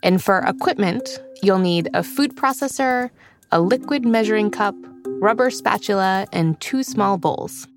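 A woman hosting a scripted children's cooking podcast, explaining steps in a clear, friendly, steady way. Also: medium pitch, a little slow, music in the background. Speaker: host and magazine editor.

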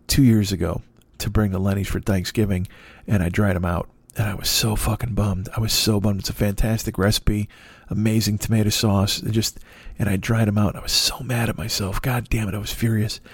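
A man hosting a solo podcast from his dark apartment, telling rambling, profane stories in a casual monologue. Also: on the low side, dry recording. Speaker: podcast host.

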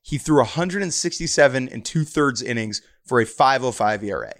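A man in casual sports chat, mid-pitched and animated. He co-hosts the show and drops into quick mock voices when quoting others. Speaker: podcast co-host.

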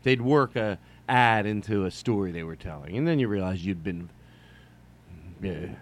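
A middle-aged man hosting a solo comedy podcast, rambling and joking, jumping from loud bursts to mumbled asides. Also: medium pitch, fairly quick. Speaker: podcast host.

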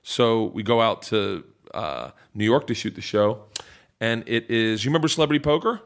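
A man's voice: lowish voice, lively intonation, normal speed, smooth. A male comedian on a podcast as the guest, telling long rambling stories with lots of swearing and laughing through them. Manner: acts out other people's lines in raised voices. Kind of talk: casual storytelling chat.

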